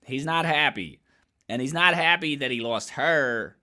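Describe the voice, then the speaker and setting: A man's voice: mid-range voice, animated, a little slow, bright, forceful tone. A man giving blunt, emphatic commentary in a casual vlog, swearing freely and repeating phrases as he builds his point. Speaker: commentary vlogger.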